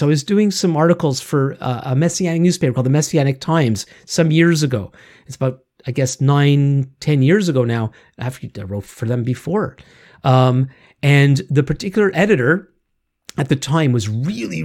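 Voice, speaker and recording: A man's voice: medium pitch, darkish tone. A middle-aged man talking casually on his own, rambling with many fillers and restarts as he circles back to his point. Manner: rambling, self-correcting, frequent fillers. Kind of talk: casual monologue.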